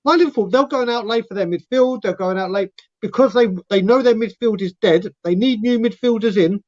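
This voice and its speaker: A man with a high voice delivers long, emphatic rants on a casual stream panel, acting out others' lines as he goes. His audio comes through muffled and lo-fi. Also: fairly quick, a little mellow. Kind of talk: casual live-stream football chat. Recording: dull, lo-fi sound.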